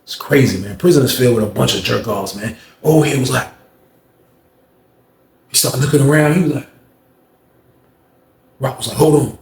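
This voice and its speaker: A man's voice: mid-range voice, moderate pace, gravelly, long pauses, reverberant, a little hiss or hum. A man casually telling a long story and acting out the people and sounds in it. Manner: animated, acts out the people and sounds in his story.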